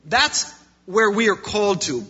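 Man, pastor preaching, bright husky voice, dull lo-fi recording. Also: high-pitched, animated, a little slow. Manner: preaching, swings between loud and quiet. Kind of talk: sermon. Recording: lo-fi muffled sound.

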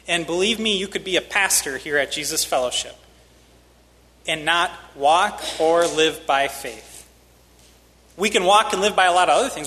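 A man preaches a sermon in a church hall. He is candid and self-deprecating and presses key lines with rising emphasis. His voice is somewhat high and bright, and it rings with a long hall reverb.

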